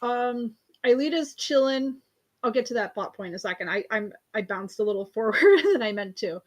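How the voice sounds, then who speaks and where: A woman's voice: a little high, normal speed. A woman casually recapping a cartoon episode, rambling with lots of fillers, correcting herself and giggling along the way.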